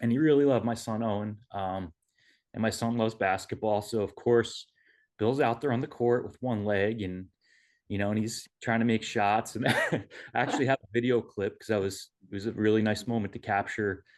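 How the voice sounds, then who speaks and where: A man with a fairly low voice shares a personal story at an online memorial, talking over a video call from home. He speaks in a casual, halting way, full of fillers and restarts. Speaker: memorial speaker, son-in-law.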